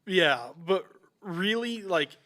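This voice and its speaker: A man hosting a podcast, his voice a touch higher than most. He chats in a relaxed, casual way, mostly chiming in with short agreeing remarks. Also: takes it slowly. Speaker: podcast host. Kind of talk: casual chat.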